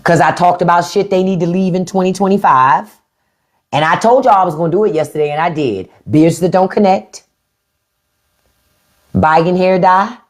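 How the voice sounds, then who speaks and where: Her lowish voice moves at a normal speed but is broken up by long pauses. She's a podcast host live streaming over a phone or webcam, offering unfiltered, profanity-heavy commentary straight to the people watching.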